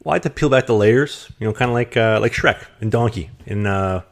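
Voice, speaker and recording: A man's voice: lowish voice, a little fast. A man hosting a casual podcast, joking and rambling in a self-mocking way. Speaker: podcast host.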